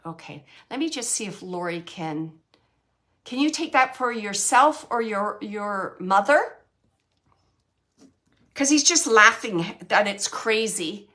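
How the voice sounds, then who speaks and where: A woman's voice: mid-range voice, animated, takes it slowly, long pauses, bright, forceful tone. A woman working as a psychic medium, chatting to an online audience, laughing often and relaying messages she says she hears.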